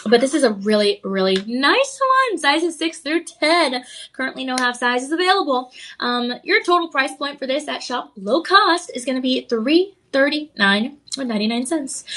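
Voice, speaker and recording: Woman, TV shopping host; high, bright voice; gushing, chatty sales pitch with giggles. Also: expressive, normal speed. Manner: enthusiastic, gushing, frequent laughs and ums. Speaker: shopping channel jewelry host. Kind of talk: live on-air sales pitch. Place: TV studio.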